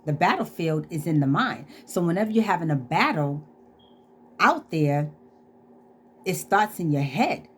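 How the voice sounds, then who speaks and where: Speaking in a low, animated voice, this woman vlogger takes her time and pauses often while recounting a personal story. She preaches positive thinking with heartfelt sincerity in a casual inspirational monologue, and a slight hiss or hum sits under the recording.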